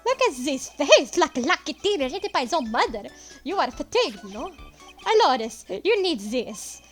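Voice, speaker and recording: A woman's voice: high voice, big pitch swings, soft background music. A woman voicing a flamboyant, flirty male restaurant owner with an exaggerated mock French accent, reading game dialogue aloud. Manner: exaggerated, drawn-out theatrical delivery.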